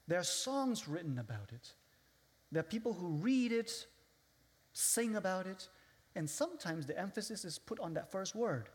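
A man's voice: sits high, sing-song, moderate pace. A man with a foreign accent preaching as a guest speaker, who acts out his listeners' voices and quotes scripture. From outside the US. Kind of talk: sermon. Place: large hall with a live audience. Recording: long hall reverb.

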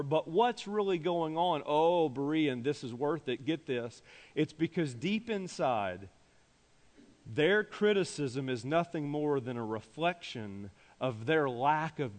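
A male pastor preaching a sermon, moving between quiet reflective stretches and raised, emphatic passages, with dry humorous asides. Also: fairly high pitch. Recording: long reverb of a large church hall.

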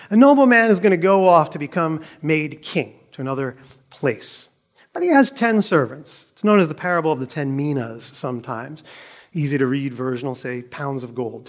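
A male preacher with a fairly high, very animated voice that swings up and down as he speaks. He reads scripture dramatically and presses his points with rhetorical questions. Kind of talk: sermon.

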